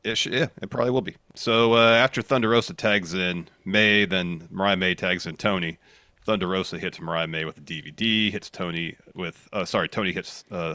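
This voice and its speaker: A man co-hosting a podcast, recapping matches in a relaxed play-by-play way. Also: low-pitched, no echo. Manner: relaxed play-by-play, some restarts. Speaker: podcast co-host. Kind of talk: casual wrestling recap chat.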